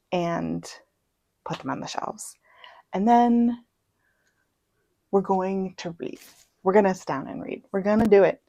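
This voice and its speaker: A young woman chatting casually as a book vlogger, self-deprecating and full of quick asides. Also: lowish voice, darkish tone, no room sound, low-quality recording. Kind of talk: casual chat. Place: home.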